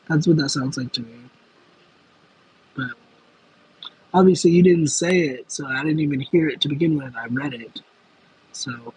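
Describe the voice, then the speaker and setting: A man's voice: fairly high pitch, moderate pace, long pauses, a little mellow, slight background noise, low-quality recording. A young man chatting casually on a livestream, answering viewer comments in a rambling, self-aware way. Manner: rambling, self-aware, with frequent fillers and laughs. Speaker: livestream host.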